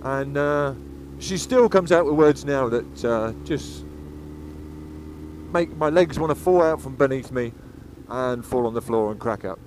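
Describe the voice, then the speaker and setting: An English-born motorcycle vlogger rambles chattily as he rides outdoors, swearing freely along the way. His mid-range voice is animated, unhurried, and a little mellow. Recorded on a helmet-mounted action camera, the clip has faint road and engine noise.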